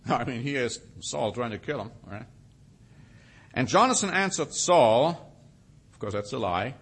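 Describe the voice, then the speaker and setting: A man teaching a sermon, reading scripture with rising emphasis and slowing down to stress single words. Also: medium pitch, sing-song, a bit bright, slightly rough. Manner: reads scripture aloud with rising emphasis, then comments. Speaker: preacher.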